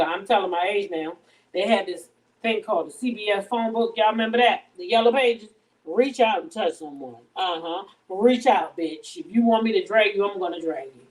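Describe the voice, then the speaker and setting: A woman's voice: medium pitch, normal speed, a little mellow, distant mic, rough recording. A middle-aged woman hosting a casual live stream from her kitchen while she cooks. She talks bluntly, heatedly and with plenty of profanity. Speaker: livestream host. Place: home kitchen, cooking. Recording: voice a bit off-mic.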